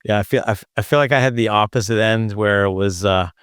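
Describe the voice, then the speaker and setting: A man hosts a podcast chat, stumbling and restarting as he recalls a story. His voice is smooth and somewhat low, and the recording is dry and close. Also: a bit bright, dry recording. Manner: halting, full of fillers and restarts. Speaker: podcast host. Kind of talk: casual chat.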